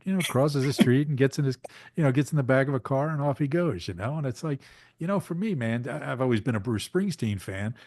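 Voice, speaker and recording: Low-voiced man, rambling podcast host. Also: darkish tone, no room sound, clean studio sound. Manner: rambling, many fillers and restarts. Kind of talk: casual podcast chat.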